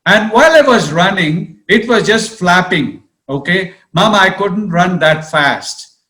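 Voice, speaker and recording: Man doing a little female bird, whining, begging, slow, echoey room. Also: sits high, animated, bright, forceful tone, exaggerated voice. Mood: eager. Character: young female bird, pleading and impatient.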